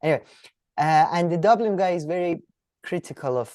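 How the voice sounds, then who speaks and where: A man co-hosting a casual political podcast, animated and mocking, his voice jumping high when he gets riled. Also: a little fast, no echo, clean studio sound. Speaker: podcast co-host.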